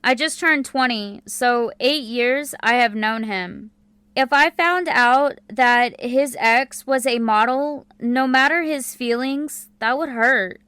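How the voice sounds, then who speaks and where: A woman reading a calm, blunt young woman of twenty in an audiobook, firm and matter-of-fact. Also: on the high side, slow pace, smooth, no echo.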